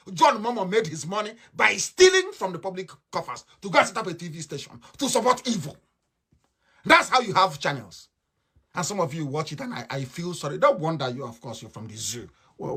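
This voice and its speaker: A man giving a fiery political address, impassioned and swinging from shouts to low mutters. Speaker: activist speaker.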